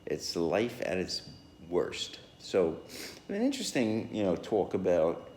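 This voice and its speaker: A man's voice: low-pitched, huge pitch swings, slow, a little mellow, echoey room, slight background noise. A man rambling through a solo podcast monologue, full of fillers and restarts, with chuckles along the way.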